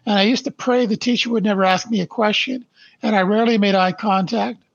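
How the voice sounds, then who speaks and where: An older man from Canada, a podcast guest who speaks slowly and deliberately, stressing his points and then reading his life story aloud. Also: sits high, steady tone, creaky, no echo, highs cut off. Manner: slow, deliberate and emphatic.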